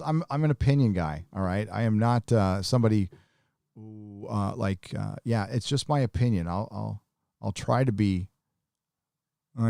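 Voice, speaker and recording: A man's voice: fairly low pitch, creaky, warm tone, no echo, clean studio sound. A man hosting a live stream, chatting casually and reading viewer comments in a blunt, profane, rambling way.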